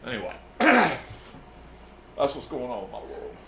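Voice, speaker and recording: A man's voice: medium pitch, huge pitch swings, measured pace, vocal fry, sharp tone, slight background noise, full character voice. A man playing a brash, profane music manager, rambling and boasting in an improvised comedy bit. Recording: echoey room.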